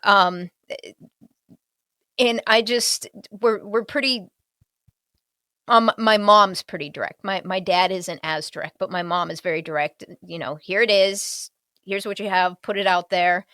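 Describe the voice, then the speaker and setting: A woman hosting an interview, who talks in an animated way, chuckles often and restarts her sentences. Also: medium pitch, a little slow, dry recording, clean studio sound. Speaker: host. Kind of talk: conversational interview.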